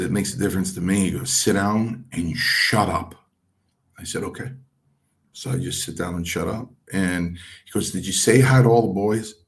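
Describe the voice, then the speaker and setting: A middle-aged man, a former pro wrestler, telling stories in an interview and acting out the dialogue. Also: sits low. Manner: animated storyteller acting out quoted dialogue. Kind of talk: shoot interview storytelling.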